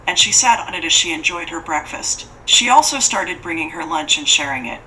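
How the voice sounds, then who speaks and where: Bright, keen woman narrating an audiobook. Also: fairly low pitch, animated, fairly quick, slight background noise, poor audio. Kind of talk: scripted narration.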